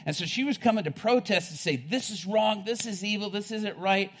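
A man preaching a sermon, telling a story with rising excitement, laughing often and building to loud peaks. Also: high voice, fairly quick, slightly rough.

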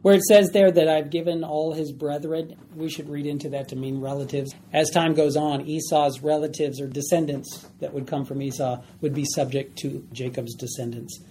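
Man teaching a Bible study, dark voice. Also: a little high, fairly even intonation, moderate pace, few pauses, slight background noise. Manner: explains plainly, acts out voices.

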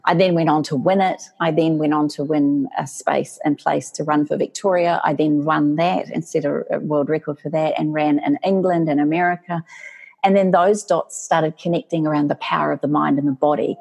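A middle-aged woman telling her story as an interview guest, lively and animated, acting out quotes. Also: deep voice, normal speed, gravelly, husky. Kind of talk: storytelling in casual chat.

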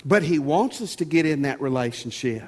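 A man preaching a sermon as pastor, folksy and animated, often repeating words. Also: fairly high pitch, moderate pace. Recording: long reverb of a church hall.

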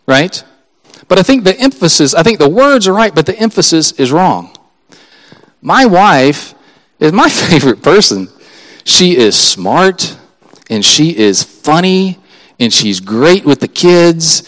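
A man's voice: a little high, rough recording. A pastor preaching a sermon to his congregation in a church, talking earnestly and conversationally, with chuckling asides and appeals that build in emphasis. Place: church sanctuary before a congregation.

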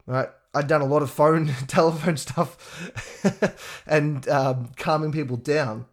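A man giving a profane, animated motivational talk. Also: slow pace. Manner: profane, animated, acts out others in a higher voice. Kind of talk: casual motivational monologue.

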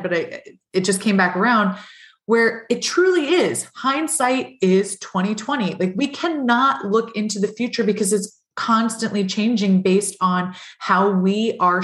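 A woman hosts a casual podcast chat with enthusiasm, thinking aloud and acting out quoted thoughts. Her voice carries a roomy echo from the space around her. Her pitch sits in the middle range. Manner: enthusiastic, reflective, acts out quotes. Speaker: podcast host. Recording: roomy, echoey room sound.

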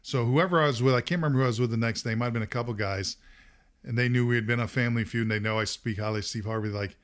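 Middle-aged male podcast host, mid-pitched, lively storyteller who laughs a lot. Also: racing. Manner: animated, laughs often, acts out quotes. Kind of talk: casual storytelling.

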